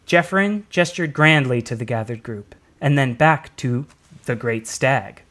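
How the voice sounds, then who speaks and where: A man narrating a story in a plain, even storytelling delivery. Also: medium pitch, unhurried.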